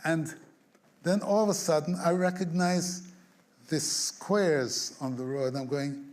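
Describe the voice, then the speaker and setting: A man with a slightly high voice tells a story about writing a song, acting out each scene. He hums fragments of melody and chuckles as he goes, like a songwriter spinning a tale in an interview. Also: takes it slowly, slight background noise. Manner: animated storyteller who acts out scenes and hums tunes; chuckles through his stories. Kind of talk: storytelling anecdote.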